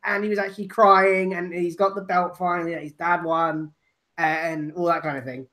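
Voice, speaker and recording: A woman co-hosting a casual wrestling chat, rambling and laughing, loud when teased. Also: on the low side, level tone, moderate pace. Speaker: podcast co-host.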